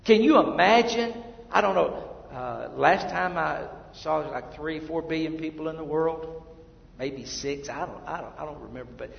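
A man preaching a sermon as pastor, swinging between hushed, drawn-out asides and emphatic, rising swells. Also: fairly high pitch, creaky. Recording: echoey hall, slightly dull sound.

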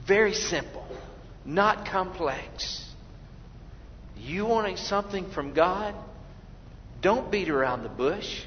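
A man preaching a sermon, swinging between loud exclamations and hushed, quiet lines. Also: high-pitched, expressive, takes it slowly, long pauses, slight background noise. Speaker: pastor. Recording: dull lo-fi recording in a reverberant hall.

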